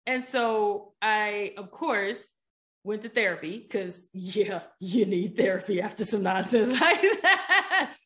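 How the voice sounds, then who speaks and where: A woman guest on a podcast, telling a story in a casual, animated way and often checking in with "you know what I'm saying?". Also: medium pitch, slow pace. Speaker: podcast guest, poker player.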